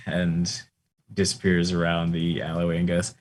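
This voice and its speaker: Deep-voiced guy gm, laid back rambling narration, lots of ums. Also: moderate pace. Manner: relaxed, rambling narration with many fillers. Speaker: game master. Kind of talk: narrating a tabletop role-playing game.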